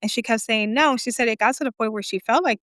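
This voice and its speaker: A woman co-hosting a podcast, telling a story in a casual, animated way, acting out quoted voices with sassy asides. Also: on the high side, quick pace, no echo, clean studio sound. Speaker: podcast co-host.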